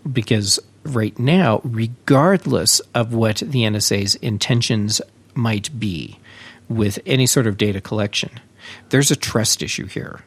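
Relaxed male tech podcast host. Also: on the low side, a little slow, husky. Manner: relaxed, chatty, frequent uh fillers. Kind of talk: casual tech podcast talk.

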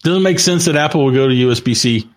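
A man's voice: medium pitch, fast. A man co-hosting a casual tech podcast, skeptical and emphatic in his opinions. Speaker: podcast co-host.

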